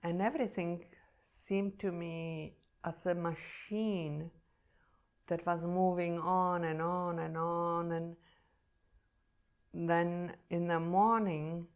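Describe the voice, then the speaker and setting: A woman's voice: fairly low pitch, fairly even intonation, slow pace. A woman who teaches meditation, telling a personal story in an earnest, emotional and reflective way.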